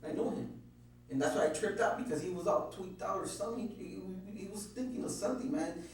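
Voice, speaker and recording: A scared man tumbles through his story at a rapid clip, stammering and cursing, his voice pitched a touch high. He sits in a booming, echoey interview room, caught by a distant mic over a faint hum. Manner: stammering, repeats himself, heavy cursing. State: frightened. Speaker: interviewee questioned by police. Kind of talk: nervous rambling account.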